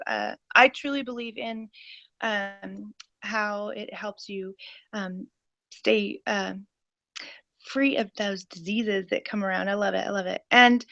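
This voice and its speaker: A woman's voice: a little high, steady tone, measured pace, gravelly, fairly bright tone, no room sound. A woman in her forties giving an eager, rambling personal testimony on a call, with many fillers. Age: 40s. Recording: dull, lo-fi and dry.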